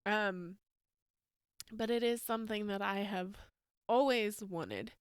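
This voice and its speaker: Candid woman in her thirties, smooth voice. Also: medium pitch, slow, dry recording, clean studio sound. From United States. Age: 30s. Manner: candid, rambling, emotional, with frequent fillers and laughs. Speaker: podcast host. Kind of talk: personal storytelling monologue.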